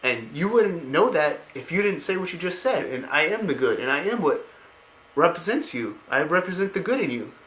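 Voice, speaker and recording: A man voicing a dying young boy who keeps pleading in a strained, pushed-up high voice. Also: sing-song, normal speed, fairly bright tone, reverberant, rough recording. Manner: earnest, pleading.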